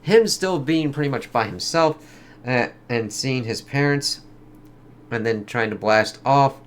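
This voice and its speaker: A man's voice: lowish voice, slight background noise. A man giving a casual, rambling spoken review of a comic book, swearing a lot. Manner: rambling, heavy swearing, lots of fillers.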